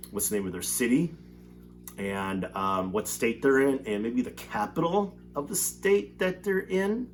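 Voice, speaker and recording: A man's voice: on the low side, slight background noise. A male teacher reading a novel aloud to his class from home, then chatting casually about homework. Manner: animated reading, relaxed chatty asides with fillers.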